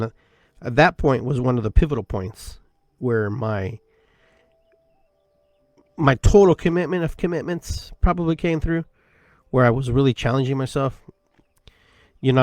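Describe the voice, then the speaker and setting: A man's voice: medium pitch, a little mellow, no echo. A man hosting a podcast, telling a personal story in a casual, rambling way full of "you know" fillers. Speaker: podcast host.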